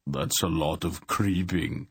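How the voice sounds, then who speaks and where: A man voicing a huge, bluff warrior who speaks slowly and teases his friends. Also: sits low, breathy edge, no room sound, clean studio sound, exaggerated voice. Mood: teasing.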